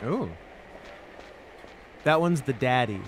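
Deadpan man with a lively voice. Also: medium pitch, slow, a little hiss or hum. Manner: crude, deadpan jokes. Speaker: co-host on a game stream. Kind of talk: casual let's-play commentary.

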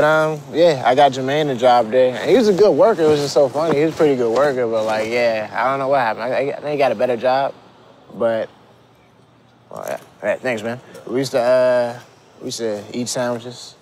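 A man casually reminiscing about an old job, laid-back and halting, with laughs. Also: medium pitch, a little mellow, a little hiss or hum. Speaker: friend recounting a story.

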